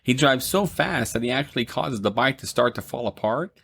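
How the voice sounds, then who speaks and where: A young man co-hosting a casual movie review podcast, retelling the plot with frequent ums and quick laughs. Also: medium pitch, lively intonation, gravelly, fairly bright tone, slightly rough. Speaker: podcast co-host.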